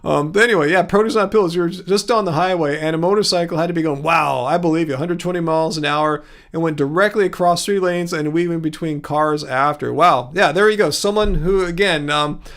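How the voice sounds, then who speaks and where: A man with a high voice chats casually on a livestream, wandering from point to point. He is from California and laughs easily as he talks with viewers. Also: a little fast, hardly any pauses, fairly bright tone. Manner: rambling, chatty, laughs often, digresses. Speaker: livestream host. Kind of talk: casual livestream chat reading comments.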